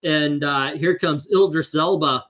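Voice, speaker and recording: Lively, bright-toned man hosting a comics chat. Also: on the high side, measured pace. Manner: animated storyteller, voices impressions. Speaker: comic book channel host. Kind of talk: casual panel chat.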